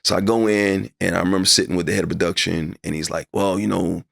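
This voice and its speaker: A man's voice: fairly even intonation, fast talker, gravelly, fairly bright tone, dry recording, clean studio sound. A middle-aged man, a broadcaster guest in an interview, telling a personal story with animation and acting out the dialogue in it. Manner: acts out his own past dialogue, voice climbing high when upset.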